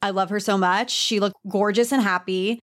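A woman's voice: mid-range voice, steady tone, normal speed, a bit bright. A woman with a Southern US accent co-hosting a podcast, chatting frankly and animatedly, swearing freely and saying y'all. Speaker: podcast co-host, beauty writer. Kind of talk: casual gossip chat.

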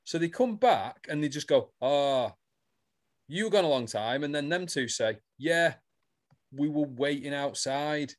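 A man's voice: a little high, very animated, moderate pace, a little mellow. A man on a casual chat podcast, animatedly retelling a soap storyline and swearing freely. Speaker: podcast co-host.

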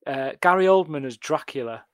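Male podcast co-host, animated film chat, higher voice, dry. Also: fairly quick, no echo. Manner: animated, laughing, trailing restarts.

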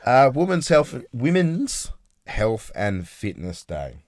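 A man's voice: mid-range voice, sing-song, slow, darkish tone, no echo. A man, co-hosting a podcast in casual, joking chat full of swearing and teasing. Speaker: podcast co-host.

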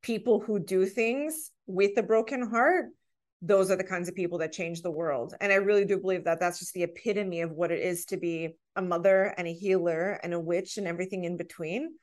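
A woman's voice: fairly low pitch, fairly even intonation, fairly quick, a little mellow. Earnest woman telling heartfelt stories. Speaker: podcast guest. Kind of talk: casual podcast conversation.

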